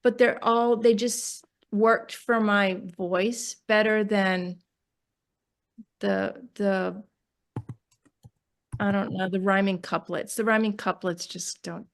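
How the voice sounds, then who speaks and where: Halting New York woman poet. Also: mid-range voice, fairly even intonation. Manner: halting, searching for words with many restarts. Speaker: poet discussing her new book. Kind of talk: casual conversational interview.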